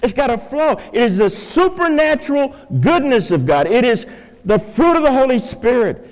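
Lively high-voiced preacher quizzing his congregation. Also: moderate pace, big-room sound. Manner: quizzes the congregation with playful questions. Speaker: pastor. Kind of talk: interactive sermon with object lessons. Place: church sanctuary with a live congregation.

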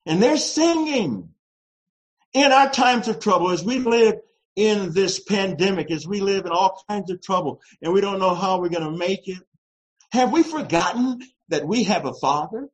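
A pastor delivering a sermon in a slow, emphatic style that swells into shouts. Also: mid-range voice, poor audio.

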